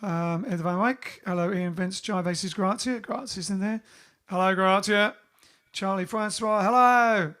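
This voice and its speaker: A man's voice: high voice, measured pace, hardly any pauses, fairly bright tone. A man hosting a casual livestream from home, reading out viewers' greetings one by one in a chatty way. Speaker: bandleader and livestream host. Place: home during lockdown.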